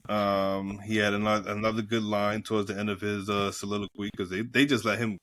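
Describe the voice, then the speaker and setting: A man's voice: fairly low pitch, flat delivery, a little fast, a bit bright. A man co-hosting a podcast, chatting casually about an old film, swearing and laughing as he goes. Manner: profane, laughing, quotes lines from the film. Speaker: podcast co-host. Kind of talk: casual film review chat.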